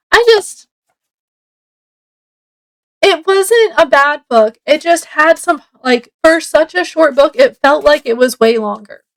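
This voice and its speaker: A woman's voice: high-pitched, fairly bright tone, rough recording. A woman reviewing a book casually, summarizing the plot in a chatty, meandering way with many fillers.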